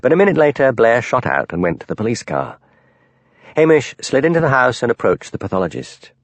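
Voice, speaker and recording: A man narrating a mystery audiobook in a measured, expressive storytelling manner. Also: mid-range voice, dry recording.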